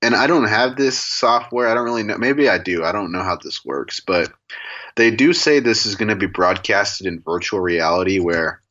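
Male co-host, very low and sharp-toned, joking banter, slightly muffled recording. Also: normal speed. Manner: joking, rambling, deadpan banter. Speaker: podcast co-host. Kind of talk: casual podcast chat.

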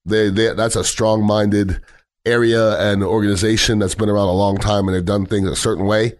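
A man's voice: fairly low pitch, little pitch movement, normal speed. A middle-aged man giving a blunt, heated sports talk rant on football, swearing freely and repeating himself as he drives his points home.

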